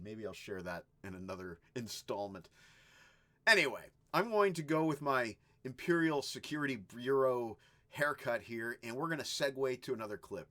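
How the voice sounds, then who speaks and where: Guy chatting on his rock vlog, lively up and down voice, tells stories with little sound effects. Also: mid-range voice. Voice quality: animated, chatty storyteller who does little sound effects. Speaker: host of a rock music video channel. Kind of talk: casual storytelling vlog.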